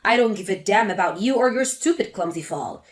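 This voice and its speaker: A woman's voice: mid-range voice, animated, a little fast, soft background music, voice pushed down, lightly acted. A woman voicing a spiteful, scornful older mother-in-law in a dramatic story reading. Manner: sneering, contemptuous.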